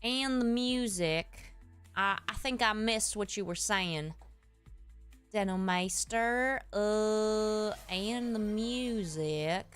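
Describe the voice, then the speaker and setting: With a mid-range voice and drawn-out words in a clean tone, a woman chats to her stream audience as a folksy Southern character who says y'all while she plays. Faint music sits behind her.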